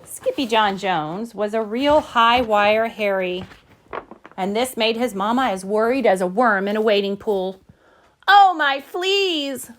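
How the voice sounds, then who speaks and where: A woman narrating a rhyming children's picture book in a gentle, rhythmic storytelling manner. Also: medium pitch, a little slow. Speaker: storybook reader. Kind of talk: scripted narration.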